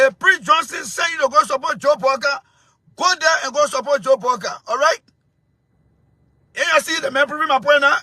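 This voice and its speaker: A Liberian man with a very high, forceful voice delivers angry political commentary. He circles back to the same points again and again, confronting his targets head-on. The recording is close and dry, with no room sound. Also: a little fast, no echo. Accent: Liberian English. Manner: confrontational, repetitive, shouting at times. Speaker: show host.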